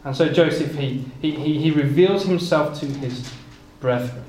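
A man's voice: on the high side, normal speed, a little mellow. A man preaching a Bible exposition sermon, reading King James scripture aloud and stumbling over repeated words as he explains it. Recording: echoey room with faint ambient noise.

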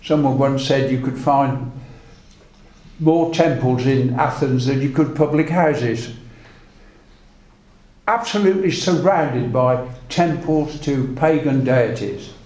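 A man delivers a sermon at an unhurried, deliberate pace, retelling scripture like a story and quoting old verses. His voice sits in a middle register. The recording carries a noticeable room echo. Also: medium pitch, darkish tone. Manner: measured, storytelling, reads old scripture aloud. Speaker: preacher.

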